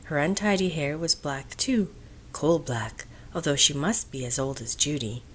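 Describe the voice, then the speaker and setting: A woman with a deep voice narrates an audiobook of a classic novel, her storytelling gentle and measured and often sinking to a hush. There's slight background noise in the recording.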